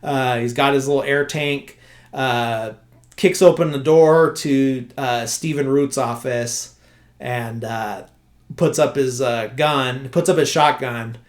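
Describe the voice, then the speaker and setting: Man, podcast host, mid-pitch voice, loose casual recap full of fillers, often corrects himself mid-sentence. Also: slow pace. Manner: rambling, heavy filler words like "uh" and "like"; self-correcting, loses his train of thought.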